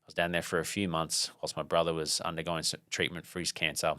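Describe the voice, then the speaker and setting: A man's voice: extremely low pitch, flat delivery, quick pace, sharp tone, dry recording, studio quality. A man hosting a podcast, telling a motivational story in a rambling, casual way with many fillers and restarts. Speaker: podcast host.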